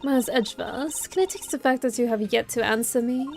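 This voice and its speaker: A woman's voice: a little high, a little fast, vocal fry, a little mellow, faint music behind. A woman voicing a smug, doubting male official who fires off challenging, incredulous questions while reading game dialogue.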